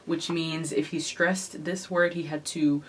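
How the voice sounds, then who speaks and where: Low-pitched woman vlogger; casual, opinionated commentary delivered with chatty laughter. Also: level tone, a little slow, heavy background noise. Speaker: K-pop commentary YouTuber.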